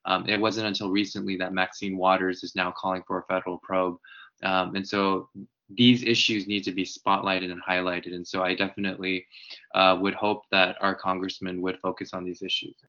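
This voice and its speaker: A man speaking as a podcast guest, earnestly explaining local issues in a measured way. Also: sits low, little pitch movement, sharp tone. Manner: measured, explanatory, uses organizer terms. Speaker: political guest, former congressional candidate. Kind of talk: earnest policy talk on a podcast. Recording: dull lo-fi sound.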